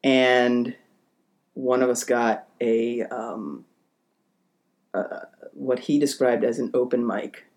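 Male podcast co-host, mid-pitched, blunt and opinionated, swears freely. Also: takes it slowly, long pauses, darkish tone. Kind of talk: casual chat.

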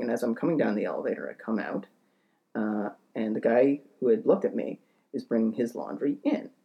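A young man spins a comedic anecdote in casual podcast chat, his mid-range voice gravelly with fry. He rambles and hesitates, stacking fillers and self-deprecating asides as he goes. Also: medium pitch, muffled recording. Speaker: podcast co-host telling a story.

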